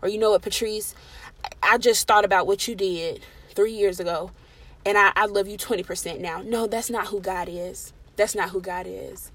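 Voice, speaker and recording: A woman preaching a sermon with passion, swinging between loud emphatic declarations and soft, intimate pleading, and repeating key phrases for emphasis. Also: medium pitch, fairly even intonation, normal speed.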